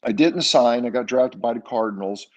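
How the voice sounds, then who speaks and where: An older man spins long stories from his playing days in a relaxed interview. He talks at an everyday pitch, backing up and restarting with plenty of "uh"s as he goes. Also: normal speed, lo-fi sound, slight background noise. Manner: rambling, many fillers and restarts. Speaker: guest, former baseball player. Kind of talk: casual interview storytelling.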